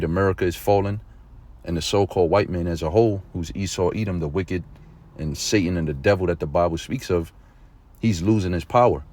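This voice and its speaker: Deep-voiced man preaching a casual lesson. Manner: conversational, keeps checking in with the listener; grows excited and emphatic at points. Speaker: religious teacher.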